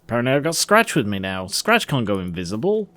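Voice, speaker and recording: A man giving casual, excitable gameplay commentary, laughing and swearing as he plays. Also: medium pitch, fast, no echo. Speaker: let's play host.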